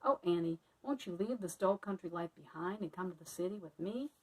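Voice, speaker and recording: A woman's voice: on the low side, a little fast, darkish tone, husky, recorded from a distance, rough recording. A woman reading aloud who voices a showy female city mouse in a lofty, grand manner.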